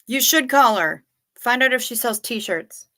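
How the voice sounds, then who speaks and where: Reading out her chat during a casual livestream, a middle-aged host adds dry, sardonic asides. She speaks a little slowly in a highish, expressive voice that's bright and forceful.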